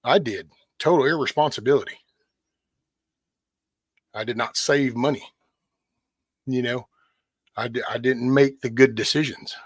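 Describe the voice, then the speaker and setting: A man's voice: mid-range voice, a little slow, long pauses, dry recording. A man hosting a casual livestream, ranting bluntly with lots of swearing and answering viewers' chat by name. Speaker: livestream host.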